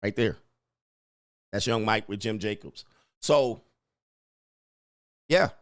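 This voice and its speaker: A man's voice: on the low side, slow pace, no room sound, studio quality. A man hosting a casual livestream, reading viewer comments and riffing with profane, joking commentary. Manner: profane, joking, reads chat aloud. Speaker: livestream host and dating coach.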